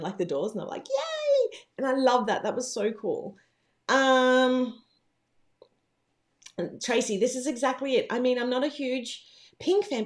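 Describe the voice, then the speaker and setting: A bubbly woman rambles through a relaxed livestream from her home, answering viewers between fillers and tangents. Her voice sits at an ordinary middle pitch, chatty and unhurried. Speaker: livestream host, planner business owner. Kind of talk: casual livestream chat.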